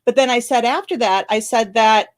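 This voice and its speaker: A woman speaks on camera in a fairly high voice, close to tears as she delivers emotional commentary. She talks quickly and bluntly, breaking off to restart and apologize. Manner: fast, blunt, candid talk with many apologies and restarts. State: tearful, crying on and off. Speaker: channel host commenting on a legal case. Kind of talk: emotional live-stream commentary. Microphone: camera recording.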